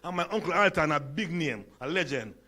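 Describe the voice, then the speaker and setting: A Jamaican man in his sixties gives a humorous keynote with a slight stutter and lisp. He tells stories and puts questions to the crowd in a notably high voice. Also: lively intonation, brisk, sharp tone. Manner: storytelling, engages audience with questions. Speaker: conference speaker.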